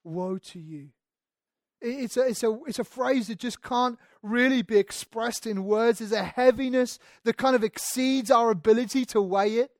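A male pastor preaching a sermon in a church, earnest, moving between hushed passages and emphatic ones and often restarting his words. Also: very high voice, steady tone, moderate pace, hardly any pauses, dry recording, studio quality. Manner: repeats words when restarting.

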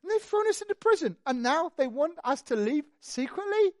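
A preacher acting out an indignant male apostle who refuses to be quietly released from prison, loud and incredulous. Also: high voice, very animated, a little fast, no echo, clean studio sound, pitched above the performer's own voice. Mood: defiant indignation.

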